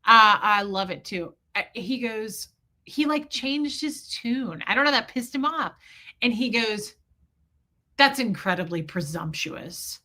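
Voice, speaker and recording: A woman chatting on a live stream in a slightly high, very bright voice. She tells stories with animated energy, reads out viewer comments and swears casually. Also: measured pace.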